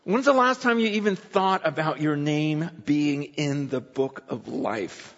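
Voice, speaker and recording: A man with a high voice preaches to his congregation in a relaxed, conversational way, breaking into little acted-out voices as he speaks. The sound is a bit dull and muffled, with a long reverb trailing off the room. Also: measured pace. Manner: conversational, animated, acts out quoted voices. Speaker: pastor. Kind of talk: sermon. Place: church sanctuary.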